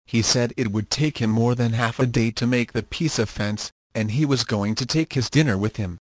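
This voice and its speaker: Male narrator for an old children's story, mid-pitched, measured reading, dry close sound. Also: no echo.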